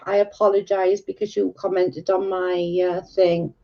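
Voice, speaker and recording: A woman's voice: fairly low pitch, flat delivery, measured pace. A woman chatting casually on a livestream, answering viewer comments in a blunt, candid, sweary way. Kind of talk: casual chat. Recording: dull lo-fi recording.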